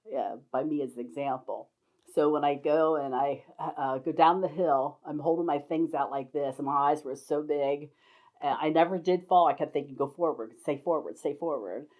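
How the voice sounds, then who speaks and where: Low-voiced older woman telling stories. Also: fairly even intonation, moderate pace, darkish tone. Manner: rambling, laughs often between anecdotes. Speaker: storyteller sharing life stories. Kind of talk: casual spoken memoir. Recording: dull lo-fi recording.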